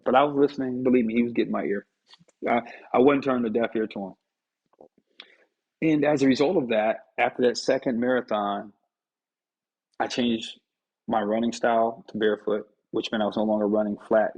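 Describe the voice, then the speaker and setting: Man, motivational talk, husky voice, animated and teasing, muffled lo-fi sound. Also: medium pitch. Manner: animated, preachy, playful teasing. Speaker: motivational speaker. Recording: dull lo-fi recording.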